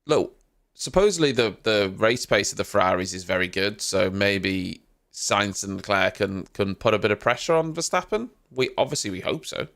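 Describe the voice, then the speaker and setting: Man, just woken up, casual live stream chat, low gravelly voice, lively rise and fall. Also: normal speed, hardly any pauses. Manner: drowsy, rambling, greets viewers by name.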